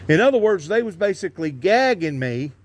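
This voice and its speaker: A Southern man with a slightly high voice asks pointed questions outdoors by a road. He talks in folksy, plain grammar and keeps tagging his statements with "ain't they?" to push for agreement. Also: sing-song, brisk. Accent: Southern American. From American South. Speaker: interviewer on a street corner. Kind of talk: casual street interview.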